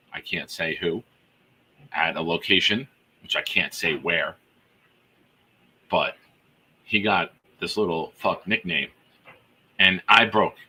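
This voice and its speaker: A man hosting a live fan show, reading out gifted memberships to the chat with exuberant hype-man shout-outs. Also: low voice, husky.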